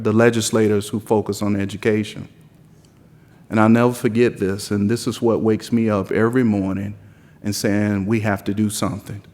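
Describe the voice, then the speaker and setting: Low-voiced man with a mild Southern drawl. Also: darkish tone. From South Carolina. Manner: rousing, repetitive oratory with building lists. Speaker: conference speaker giving opening remarks. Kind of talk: impassioned keynote speech. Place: large conference hall. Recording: long hall reverb from a conference hall.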